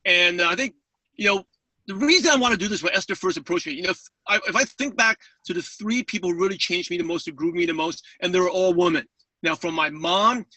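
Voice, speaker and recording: A man from New York with a New York accent and a lisp, talking fast and eagerly as a guest speaker on a webinar call. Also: high-pitched, pushed and bright, no room sound, recorded from a distance, low-quality recording. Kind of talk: webinar talk.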